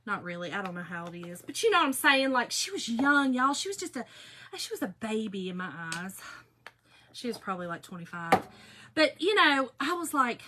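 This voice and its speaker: A middle-aged woman talks to her viewers while she crafts, gossipy and chatty, her voice sitting a little high and sounding bright and sharp. A faint hiss and small clicks sit under her voice. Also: sing-song, moderate pace. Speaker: craft video host. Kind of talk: casual chat while crafting.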